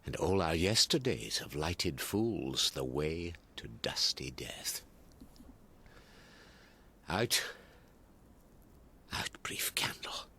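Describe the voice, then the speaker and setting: A man reciting as Macbeth, a grieving, weary warrior king, in classical stage style, dropping from hushed whispers to loud declaiming. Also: rumbling low, very animated, very slow, pauses often, husky, exaggerated voice. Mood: despairing. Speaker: actor reciting Shakespeare.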